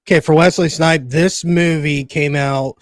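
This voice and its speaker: A man's voice: a little high, steady tone, a little slow, no echo, studio quality. A man co-hosting a podcast in a laid-back way, swearing and laughing easily. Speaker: podcast co-host. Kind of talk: casual chat.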